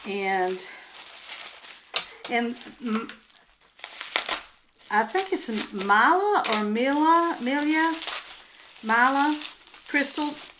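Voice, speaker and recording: Older woman with a Southern drawl, rambly unboxing chat on a handheld phone, easy unhurried pace. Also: mid-range voice, noisy background. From Southern United States. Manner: rambling, chatty, often trails into soft murmurs. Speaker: crafts vlogger and booth vendor. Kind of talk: casual unboxing chat to camera. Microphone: handheld phone camera.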